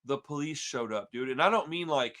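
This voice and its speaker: Slangy storyteller from Texas, bright voice. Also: male voice, medium pitch, a little fast. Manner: slangy, peppers talk with "dude" and "bro"; animated, emotional storyteller. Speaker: podcast co-host. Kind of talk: casual storytelling chat.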